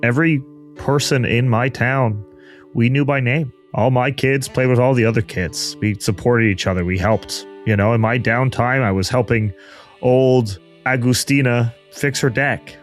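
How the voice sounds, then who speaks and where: Male player, earnest folksy in-character talk, even pitch. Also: normal speed, faint music behind. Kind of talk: in-character tabletop play.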